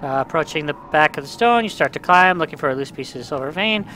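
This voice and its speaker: Man reading game dialogue aloud, bright tense voice, slightly high, faint hiss behind. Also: expressive, fast talker. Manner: reads every part in his own voice, breaks into angry outbursts at glitches. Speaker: let's play gamer.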